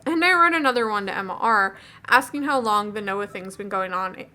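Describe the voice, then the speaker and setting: A woman's voice: mid-range voice, animated, a little fast, sharp tone, faint music behind. A woman reading as an upset teenage girl. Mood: gossipy. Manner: rambling, gossipy, dejected.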